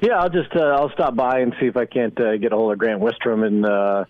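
A man calling in to a sports radio show, chatting in a relaxed, rambling way with lots of fillers. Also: medium pitch, fairly quick, no echo. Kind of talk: casual radio call-in chat. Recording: tinny phone line.

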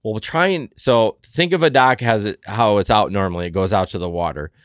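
A man co-hosting a podcast, telling a story in casual chat, animated, jumping between loud outbursts and muttered asides. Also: lowish voice, a little fast, no room sound, studio quality. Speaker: podcast co-host.

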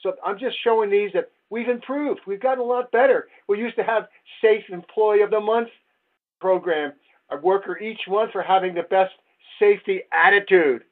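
A man's voice: sits high, moderate pace. An older man, a safety researcher, giving a wry slide presentation full of rhetorical questions. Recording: tinny phone-like audio.

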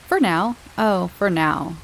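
A woman hosting her own podcast, chatting casually and warmly to her listeners with fillers and little laughs. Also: fairly low pitch, slow pace, creaky, a little hiss or hum, rough recording. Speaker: podcast host. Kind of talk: casual chat.

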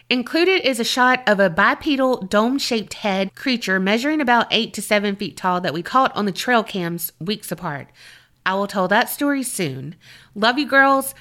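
A woman co-hosts a podcast in easy, chatty conversation, her voice sitting a little high. She laughs readily and reads listener letters aloud in the same relaxed way. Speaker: podcast co-host.

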